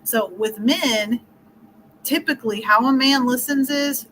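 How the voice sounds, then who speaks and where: A woman's voice: on the high side, a little slow, a bit bright, a little hiss or hum, rough recording. A middle-aged woman relationship coach talking casually in an interview, explaining with everyday scenarios and laughing often.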